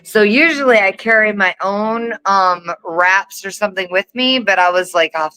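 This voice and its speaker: A woman's voice: medium pitch, moderate pace, sharp tone, clear, resonant tone, poor audio. A woman with a Southern US accent, a wrestling guest telling stories in a chatty, self-mocking way, swearing freely. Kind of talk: casual chat.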